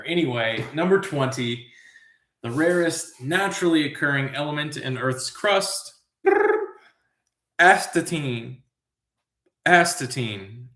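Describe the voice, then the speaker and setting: A man's voice: mid-range voice, pushed and bright, reverberant. A man hosting live trivia, riffing in a goofy, self-amused way and wandering off on tangents. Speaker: trivia host. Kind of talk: rambling live trivia commentary.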